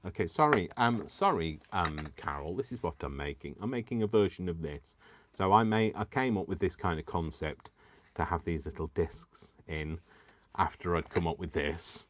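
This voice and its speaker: Giddy, rambling man with a deep voice. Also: lively intonation, moderate pace, a little hiss or hum. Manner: giddy, rambling, self-mocking, laughs to himself. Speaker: crafting livestream host. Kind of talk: casual live crafting chat.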